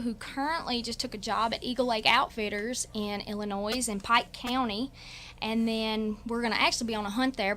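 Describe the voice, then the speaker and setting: A woman's voice: on the high side, fairly bright tone, a little hiss or hum. A woman from Louisiana with a country twang, a guest chatting and giggling on a radio show. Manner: giggly, rambling. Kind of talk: casual radio chat.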